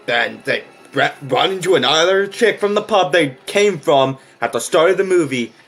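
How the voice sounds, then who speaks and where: A man's voice: on the high side, expressive, moderate pace, fairly bright tone, soft background music. A man reacting to and reviewing a movie, ranting in an exasperated way with constant swearing.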